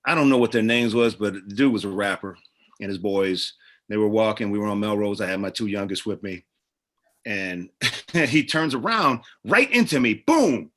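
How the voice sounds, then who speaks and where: A man's voice: on the low side, moderate pace. A middle-aged actor and producer, a man, telling stories as a guest in a casual interview and acting out the people in them. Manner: animated, acts out the people in his stories.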